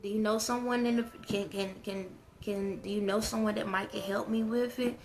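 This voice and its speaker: A woman's voice: medium pitch, steady tone, moderate pace, a little mellow, slight background noise. A middle-aged woman and parent, speaking in a candid, earnest, down-to-earth way as she gives casual advice straight to her viewers. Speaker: parent vlogger. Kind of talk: casual advice talk to camera.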